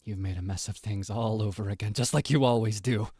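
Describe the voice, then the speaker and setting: A man voicing a possessive, controlling young lover who guilt-trips in a low, quiet, menacing tone. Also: fairly quick, slightly rough, no echo. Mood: coldly reproachful. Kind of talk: voice-over request acting.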